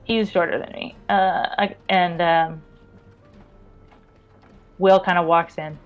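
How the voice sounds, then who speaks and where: Stammering excitable woman player. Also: slow, dull audio. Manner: excitable, stammering, breaks into high squeals in character. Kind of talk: playing a tabletop game in character. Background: faint background music.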